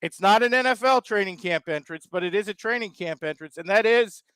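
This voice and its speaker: High-voiced mocking man ranting about sports. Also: brisk, fairly bright tone, clean tone, dry recording, low-quality recording. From American South. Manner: mocking, exasperated, wisecracking. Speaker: sports show regular, nicknamed the Professor. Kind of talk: sarcastic sports talk rant.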